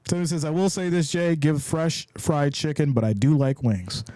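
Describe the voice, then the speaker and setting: A man hosts a live football reaction stream, calling each play and reading viewers' chat messages aloud. His pitch sits a bit high and swings widely as he gets fired up. The sound is dry and close. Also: expressive, normal speed, dry recording. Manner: hyped, shouting and cheering on big plays; casual slang, repeats phrases.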